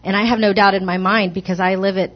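A woman's voice: medium pitch, level tone, fast talker, dull audio. A woman telling the congregation her personal testimony in a church, hesitant and earnest, with many restarts. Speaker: church member giving testimony. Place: church sanctuary.

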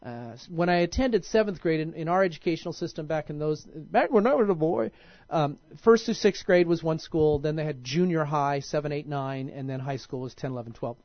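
A man's voice: on the high side, a little fast, dry recording. A male pastor preaching in a casual, conversational way, often stopping and restarting his sentences. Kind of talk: sermon. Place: church. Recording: dull lo-fi recording.

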